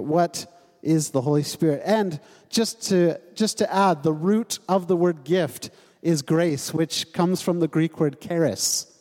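Man preaching in a reverberant hall. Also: on the high side. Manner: conversational, gently humorous, asks the congregation questions. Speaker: pastor. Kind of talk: sermon. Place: church sanctuary.

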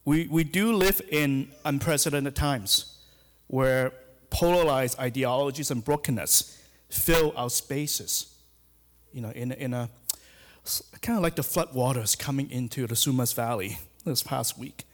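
A middle-aged man delivers a church sermon in a plain, mid-pitched voice. He speaks hesitantly, full of ums and restarts. The sound rings with a long reverb from a church hall. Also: unhurried. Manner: hesitant, many fillers and restarts. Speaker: hospital chaplain giving a church sermon. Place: church sanctuary.

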